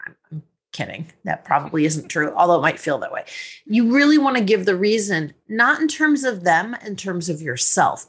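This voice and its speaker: Husky woman podcast host and coach, brisk and teasing, gives orders. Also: medium pitch. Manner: lively, teasing, directive.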